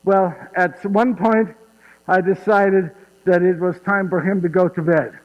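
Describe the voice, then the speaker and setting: A man's voice: sits high, steady tone, a little slow. An actor playing Saint Joseph as a humble, wonder-struck father, telling the story in first person and chuckling as he turns to the audience. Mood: awed. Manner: chuckles warmly at his own story, asks the audience directly. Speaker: actor in a one-man stage show. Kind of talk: first-person dramatic monologue. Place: church. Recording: echoey church, dull muffled sound.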